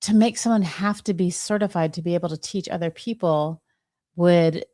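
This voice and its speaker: A woman's voice: lowish voice, moderate pace, dark tone. A woman co-hosting a live question-and-answer show, talking casually with lots of "like" and "you know". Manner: chatty, fillers like "like" and "you know". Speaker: co-host.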